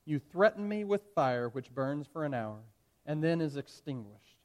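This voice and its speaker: A preacher speaking as an old martyr facing his judge, unshaken and firm. He delivers slow, solemn declarations, drawing out each word with quiet defiance. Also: a little high, sing-song. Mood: defiant. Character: defiant elderly male Christian martyr, calm and firm.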